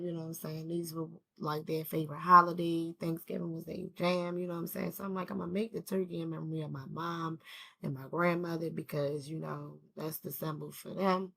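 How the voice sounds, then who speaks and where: Grieving woman rambling on her vlog, kinda low voice but bright and punchy, slangy, laughs a lot. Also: creaky. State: grieving, swinging between calm and anger. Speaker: vlogger sharing a personal story. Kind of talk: casual emotional storytelling.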